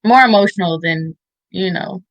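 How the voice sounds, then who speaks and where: A woman in her thirties giving tearful, heartfelt shout-outs in an interview, halting with many fillers. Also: lowish voice, dry recording, poor audio. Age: 30s. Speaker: interview guest.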